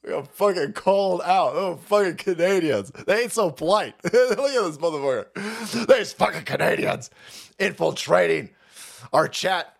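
A foul-mouthed man rants through a live-stream commentary. His voice sits high for a man and swings widely up and down. He mocks his targets, laughs often and bursts into shouts. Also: expressive, measured pace, vocal fry.

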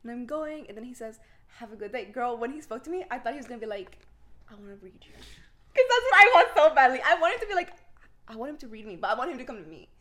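A young woman co-hosting a casual podcast, talking quickly in a voice a touch higher than most. She tells her stories in an animated, chatty way, with lots of back-and-forth with her friend. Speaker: podcast co-host. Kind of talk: casual chat.

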